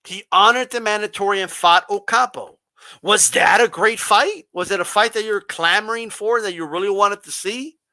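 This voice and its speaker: A man's voice: high-pitched, moderate pace, no room sound. A man hosting a boxing livestream, answering chat in a combative, confrontational way with pointed rhetorical questions. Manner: mocks a flat monotone voice. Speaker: boxing channel host reading live chat. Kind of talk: livestream talk.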